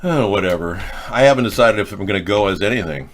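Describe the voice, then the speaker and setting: A middle-aged man talks through a loose, rambling monologue as host of his own show. His voice sits low, and his tone turns sarcastic as he jumps from one topic to the next. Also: expressive, fast.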